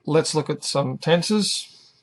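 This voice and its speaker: Middle-aged guy teaching english, slightly high voice, super slow careful pronunciation. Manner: careful, over-articulated pronunciation. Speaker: ESL teacher. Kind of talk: slow, deliberate English lesson narration.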